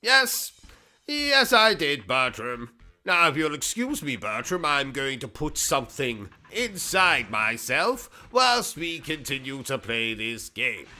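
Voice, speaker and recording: Bright-voiced pompous British gaming host. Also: male voice, medium pitch, big pitch swings, measured pace, faint music behind. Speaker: gaming YouTuber. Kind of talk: comedic livestream rant.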